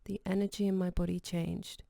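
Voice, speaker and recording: A woman narrating an audiobook in a calm, measured reading style. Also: lowish voice, vocal fry, dry recording, studio quality. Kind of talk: scripted narration.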